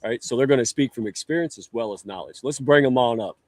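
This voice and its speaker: A man with a mid-range voice hosts a live online talk show, speaking fast in a chatty, joking, folksy way. It's lively livestream hosting captured on a live stream setup, and the recording sounds dry.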